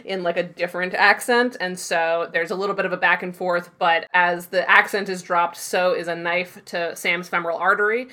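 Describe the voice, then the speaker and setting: Podcast co-host, woman, chatty recap storyteller, lower voice, quick quoted bits. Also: fairly even intonation, bright, forceful tone. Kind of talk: casual recap chat.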